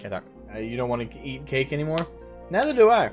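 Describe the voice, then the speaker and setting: A man's voice: medium pitch, big pitch swings, quick pace, soft background music. A man streaming a game live, chatting casually and rambling to his viewers.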